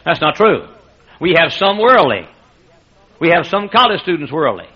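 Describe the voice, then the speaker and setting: Male pastor mid-sermon, lively pitch, breathy edge, lo-fi church tape. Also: normal speed. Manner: emphatic preaching with frequent laughter from the room. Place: church sanctuary. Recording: muffled lo-fi sermon recording.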